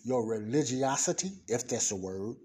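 A man teaching the Bible in an informal sermon, emphatic, slowing down to stress his points. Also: mid-range voice, lively intonation, a little mellow, breathy edge.

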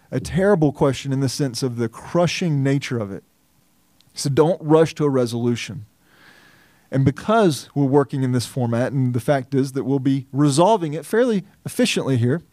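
A male pastor preaching in an earnest, measured way, his voice sitting a little higher than most men's. He leans into key lines with more force. The sound is close and dry, with no room echo. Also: mellow. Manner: earnest, measured, rises when stressing a point. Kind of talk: sermon.

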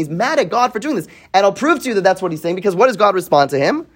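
A Torah teacher leads a weekly Bible class in a high-pitched, rapid-fire voice with lively intonation and a fairly bright tone. He reads Hebrew verses and translates them, quizzes his students, and keeps tacking on "right?" He also restarts and repeats words as he thinks out loud.

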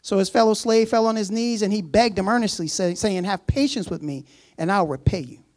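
A preacher reads from scripture, interrupting himself with laughing asides and acting out the servant's lines in a low, relaxed voice. His delivery is fairly quick, and his tone is a little mellow.

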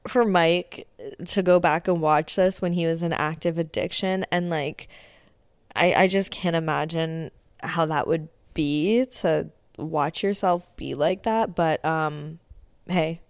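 A woman's voice: low voice, takes it slowly, clean tone, no room sound, clean studio sound. A woman hosting a podcast, giving a blunt, casual recap of a TV show, swearing often and filling with "like". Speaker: podcast host.

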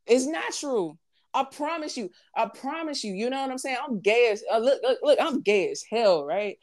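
A woman's voice: a little high, lively intonation, moderate pace, darkish tone. Blunt, profane woman in casual chat. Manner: blunt, profane, emphatic with heavy repetition.

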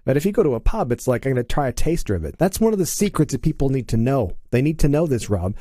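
Man from Canada, middle-aged, mellow voice, dry close sound, lively storyteller acting out voices. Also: medium pitch, fast, dry recording. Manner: animated, acts out quoted dialogue. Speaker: guest. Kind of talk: casual conversation, storytelling.

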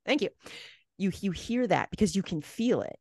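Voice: medium pitch, very animated, normal speed, dry recording, clean studio sound. A podcast host talking animatedly in a casual conversation, building out analogies.

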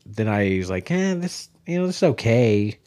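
In a dry, studio-quality recording, a Kansas man with a slight local accent talks as a guest brewer on a casual podcast. His fairly low, mellow voice has a sing-song lilt at normal speed, and he hops between ideas while cursing freely.

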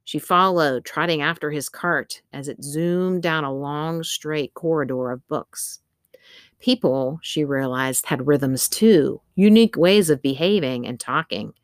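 A woman with a low voice narrates a children's storybook in a steady storytelling manner. The recording is close and dry. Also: measured pace, dry recording. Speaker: audiobook narrator. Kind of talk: scripted narration.

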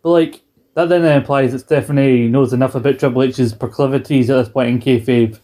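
A man's voice: medium pitch, fairly even intonation, a little fast, mellow. Chatty man recapping wrestling. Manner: rambling, playful, acts out quotes. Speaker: podcast co-host. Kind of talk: casual wrestling recap chat.

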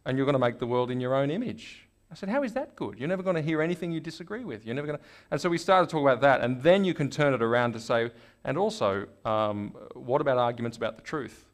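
An Australian man, a guest in an interview, telling stories in a lively conversational way and acting out the people he quotes. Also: medium pitch, fast, few pauses. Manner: animated storyteller, acts out quoted voices.

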